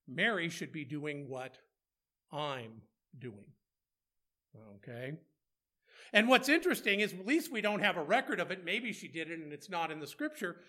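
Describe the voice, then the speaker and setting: A man's voice: fairly high pitch, big pitch swings, moderate pace, bright, forceful tone. A man preaching a conversational sermon, asking rhetorical questions and slipping in playful asides.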